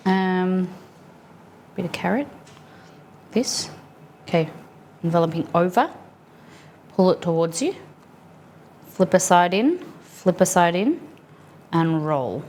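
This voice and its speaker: A woman's voice: on the low side, lively intonation, takes it slowly, pauses often, a little mellow, a little hiss or hum. A woman streamer chatting casually with her viewers while she makes food in her kitchen. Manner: chatty, answers chat while rolling food. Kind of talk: casual cooking livestream chat.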